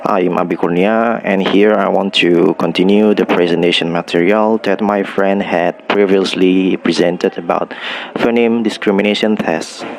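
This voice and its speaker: A young man giving a student class presentation, reading slowly with some hesitations. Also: low voice, fairly even intonation, gravelly, slight background noise, poor audio. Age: young adult.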